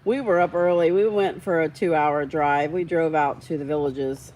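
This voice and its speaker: A woman's voice: low-pitched, steady tone, normal speed, darkish tone, low-quality recording. A woman hosting a casual live stream, chatting with viewers, reading out their comments and getting heated about how dogs are treated. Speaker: livestream host.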